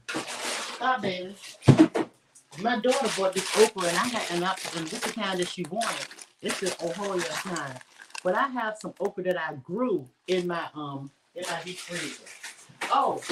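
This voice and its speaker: A woman's voice: medium pitch, recorded from a distance, very noisy. Chatty woman cooking live, mic set back. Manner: chatty, talks straight to viewers, frequent asides. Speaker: home cook livestream host. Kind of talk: casual cooking livestream. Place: home kitchen.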